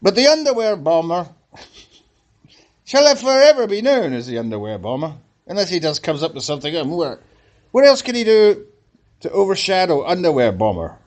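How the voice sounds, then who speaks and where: A man's voice: sits high, big pitch swings, normal speed. A man, a comedian rambling through a comic podcast monologue in a mock-serious way.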